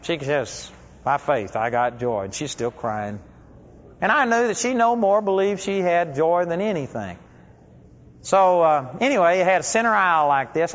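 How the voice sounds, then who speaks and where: A man's voice: on the high side, a bit bright. A man preaching a sermon, telling stories in a conversational, folksy way. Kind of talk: storytelling sermon. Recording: dull lo-fi recording with long hall reverb.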